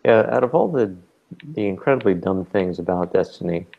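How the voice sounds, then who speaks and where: A man's voice: sits low, expressive, brisk, gravelly, warm tone, muffled recording. A man co-hosting a casual gaming livestream, rambling and exasperated, stumbling over restarts as he rants. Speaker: livestream co-host. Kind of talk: casual chat while gaming.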